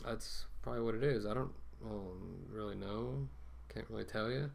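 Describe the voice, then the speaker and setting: A man's voice: fairly low pitch, moderate pace, gravelly. A man ranting casually to camera as a vlogger, rambling with many fillers and restarts, talking through a mask.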